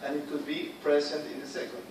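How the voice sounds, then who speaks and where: A man's voice: a little high, completely flat delivery, quick pace, noisy background. Fields: Sex: man. Role: student. Style: reading aloud. Sound: echoey classroom, distant. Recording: echoey room, far from mic.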